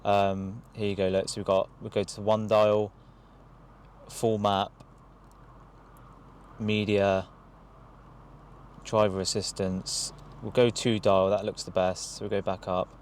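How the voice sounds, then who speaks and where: A young man with an excitable, rushing manner and casual slang, filming a car review vlog from inside a car. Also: on the low side, a little hiss or hum. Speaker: car vlogger. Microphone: camera held by someone else.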